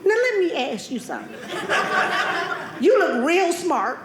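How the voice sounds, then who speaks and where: Young woman doing stand-up, super high voice, echoey club, loud laughs behind. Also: unhurried, heavy background noise. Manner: lively, animated storytelling with crowd asides. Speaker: stand-up comedian. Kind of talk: stand-up comedy. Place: comedy club stage. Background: loud audience laughter.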